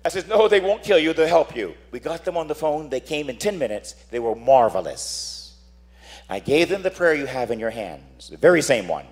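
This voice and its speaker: A man's voice: a little high, big pitch swings, normal speed. A man who is a priest, preaching a dramatic sermon, telling stories and acting out voices while asking "Amen?".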